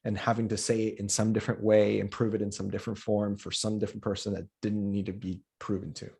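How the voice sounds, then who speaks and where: Guesting on a podcast, a Colombian-born comedian who grew up in the States talks casually and passionately, circling back on words to drive his point home. He speaks quickly in a lowish, warm voice with little pitch movement, some vocal fry, and a breathy edge.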